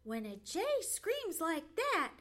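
A young farm boy from an old storybook, put on by a woman narrator, muttering his thought aloud in a high, lively voice. Plain and unhurried. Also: full character voice. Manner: muttering to himself.

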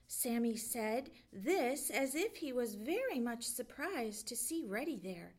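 High, lively storytelling librarian woman. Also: a little slow, few pauses. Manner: gentle, expressive storytelling. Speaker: children's librarian. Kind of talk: storybook read-aloud.

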